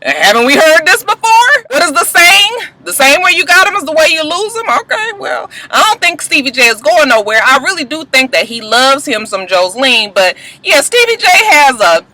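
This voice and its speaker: A woman's voice: high voice, sing-song, normal speed, few pauses, bright, forceful tone, slight background noise, rough recording. Sassy chatty woman recapping TV. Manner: chatty, sassy, swears freely, acts out quotes in voices. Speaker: reality TV recap vlogger. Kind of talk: casual rambling recap.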